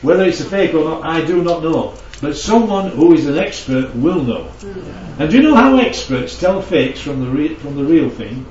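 A man's voice: on the high side, very animated, moderate pace, a little mellow, slight background noise. A man preaching a conversational Bible teaching, often checking in with his listeners. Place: church hall. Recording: dull, echoey hall from far off.

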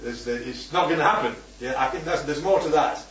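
A man's voice: on the high side, a little fast, a bit bright, a little hiss or hum. A man leading a small-group Bible study, asking the group questions and checking in with "right?" and "yeah?". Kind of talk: teaching a group discussion. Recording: roomy, distant, dull-sounding recording.

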